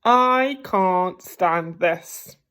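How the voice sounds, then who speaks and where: A woman voicing a tired, grumpy male father bear who complains in slow, drawn-out exasperation. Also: high-pitched, very animated, a bit bright, voice pushed up, heavily acted. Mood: fed up.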